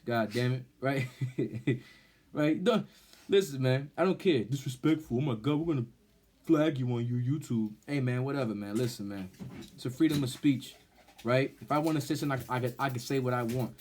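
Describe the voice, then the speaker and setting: Guy preaching hard, mid pitch, lots of "right?", gets loud and worked up, trips over his words. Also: normal speed, a little hiss or hum. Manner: emphatic, keeps asking "right?", stumbles and repeats words; grows loud and high when heated. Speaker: street-style Bible teacher. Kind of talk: fiery religious teaching.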